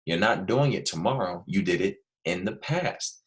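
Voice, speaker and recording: Male teacher doing a video lesson for kids, low voice, goes over stuff again and again. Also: animated. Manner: patient, repeats key points slowly. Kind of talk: recorded video lesson for young students.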